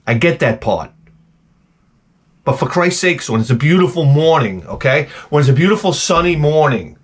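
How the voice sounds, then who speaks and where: Animated guy ranting. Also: mid-range voice, breathy edge. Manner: profane, animated, jumps between tangents. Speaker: vlogger. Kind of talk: rambling comic rant.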